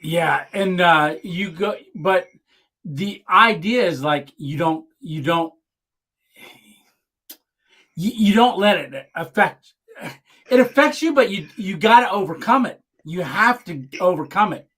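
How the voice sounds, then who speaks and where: A man hosts a casual live stream chat and speaks earnestly, his feelings close to the surface. His voice is pitched a little high for a man. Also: expressive, slow pace, a bit bright. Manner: earnest and emotional.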